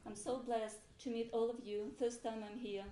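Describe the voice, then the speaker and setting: Telling a casual story to a group in an echoey monastery hall, this seminar participant laughs and acts out the voices she quotes. She speaks a little high at a moderate pace, with faint background noise.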